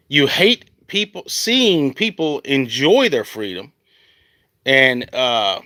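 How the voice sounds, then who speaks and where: A Southern American man talks into his phone outdoors, fired up and rambling, circling back to his point again and again. His voice is bright and forceful, and the sound is dry and close, with no room around it. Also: mid-range voice, no echo. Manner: rambling, heated, restarts often. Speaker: country singer on a livestream. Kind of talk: casual livestream rant. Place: outdoors in the heat. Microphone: phone at arm's length.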